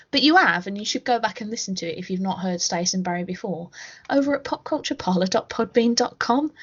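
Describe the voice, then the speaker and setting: A woman's voice: mid-range voice, husky, highs cut off. A woman co-hosting a casual podcast chat, giggly and self-deprecating, with a sweary streak. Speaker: co-host.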